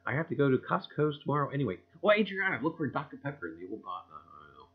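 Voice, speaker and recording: A man's voice: mid-range voice, big pitch swings, racing, slightly rough, phone-quality sound. A man hosting a casual livestream chat, reading viewer comments in a folksy way and chuckling often. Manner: folksy, chuckling, repeats "I tell you".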